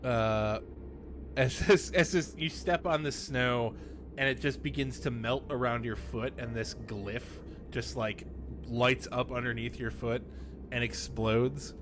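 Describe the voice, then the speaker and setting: A man running a tabletop game as game master, narrating casually with frequent pauses and fillers. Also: mid-range voice, steady tone, background noise. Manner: casual, hesitant with many ums.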